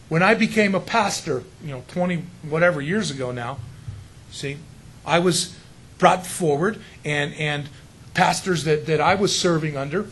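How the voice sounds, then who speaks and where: A man's voice: high-pitched, a bit bright, slightly rough, poor audio. A middle-aged male pastor preaching a sermon in an emphatic, conversational way, often asking the congregation rhetorical questions.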